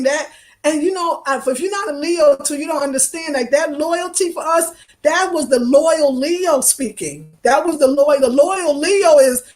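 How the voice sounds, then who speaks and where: A woman in her fifties chatting casually with viewers of her live stream, expressive and emotional, reading comments aloud and sounding tired from travel. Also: high-pitched. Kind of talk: casual livestream chat.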